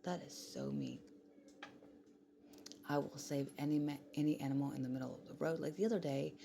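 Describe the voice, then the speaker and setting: A woman's voice: brisk, mellow. A woman vlogging in a casual, rambling way, often dropping to a whisper. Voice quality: gravelly, low voice. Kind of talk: casual late-night vlog chat. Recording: clear background noise.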